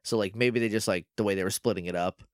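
A man co-hosting a casual podcast, recapping a TV episode in lively conversation. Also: lowish voice, fast, clear, resonant tone, no echo, clean studio sound. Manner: lively, animated, acts out lines from the show. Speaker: podcast co-host.

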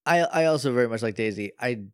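A man's voice: mid-range voice, fast, clear, resonant tone, no room sound, clean studio sound. A man co-hosting a casual podcast, joking and often laughing as he reacts to his co-host. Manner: laughs often, jokes and chimes in with short reactions.

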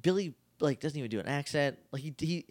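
A man's voice: fairly high pitch, expressive, fast, darkish tone, no echo, clean studio sound. A young man co-hosting a podcast, chatting casually about a TV episode, rambling and acting out lines from it. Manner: rambling, acts out quoted lines in hammy voices. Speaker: podcast co-host. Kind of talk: casual chat recapping a TV episode.

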